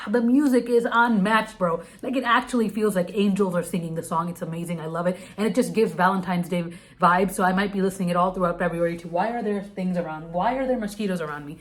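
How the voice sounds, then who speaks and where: A woman's voice: on the low side, fast talker. A young woman whose first language is Telugu, chatting bubbly and casually through her monthly favorites with many restarts. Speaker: vlogger.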